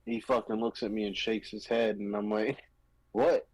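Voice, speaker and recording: A man co-hosting a casual podcast, telling animated stories and acting out customers' voices. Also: on the low side, moderate pace, no echo, rough recording. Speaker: podcast co-host. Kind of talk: casual chat.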